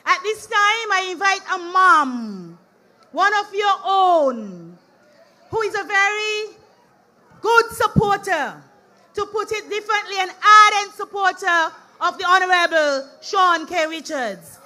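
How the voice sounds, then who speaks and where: A woman's voice: very high voice, animated, takes it slowly, sharp tone. A woman emceeing an outdoor political rally, joking and introducing speakers. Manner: jokey, hypes the crowd. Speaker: master of ceremonies.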